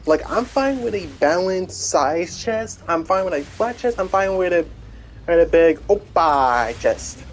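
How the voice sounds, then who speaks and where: A man's voice: sits high, animated, measured pace, slight background noise. A man streaming a video game, rambling in casual chat with many restarts and fillers.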